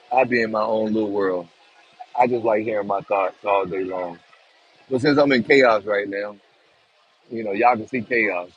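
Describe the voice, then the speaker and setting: A man's voice: lowish voice, breathy edge. A man live-streaming outdoors from his phone, chatting casually to his viewers in a rambling, profane way. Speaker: livestream vlogger. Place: outdoors in a city street. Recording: slightly dull lo-fi phone audio, faint street ambience.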